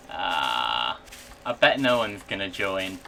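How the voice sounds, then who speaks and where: Man, casual home vlog commentary, talks to himself, bright tone, faint background noise. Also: on the low side. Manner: chatty, talks to himself, excitable outbursts. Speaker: vlogger. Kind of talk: casual running commentary while using a computer. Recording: voice a bit far from the mic, faint background noise.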